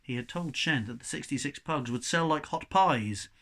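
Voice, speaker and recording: A teacher reads a children's storybook aloud in a lively, chatty way, his voice swinging up and down through the sentences. The tone is bright and forward, a little higher than most men's. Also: moderate pace.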